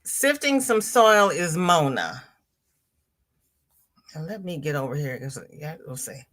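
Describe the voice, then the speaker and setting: A woman hosts a casual livestream from home, reading out viewers' comments and chatting back to each one. She talks slowly, taking her time. Her voice sits a little on the low side. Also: animated, fairly bright tone. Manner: chatty, reads viewer comments aloud and answers them. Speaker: livestream host.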